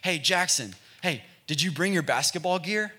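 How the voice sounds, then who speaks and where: A man's voice: on the high side, animated, moderate pace, sharp tone, slight background noise, voice pushed up. A man playing an enthusiastic male youth pastor friend in a sermon story, talking him up with a raised, persuasive voice. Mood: eager. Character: eager upbeat male youth pastor buddy.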